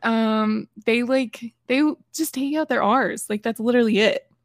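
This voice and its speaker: A young woman co-hosting a podcast in casual chat, playful and teasing, with dry sarcastic humor. Her voice is a touch higher than most women's. The close mic sounds dry, with no room around it. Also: steady tone, unhurried, no room sound. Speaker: podcast co-host.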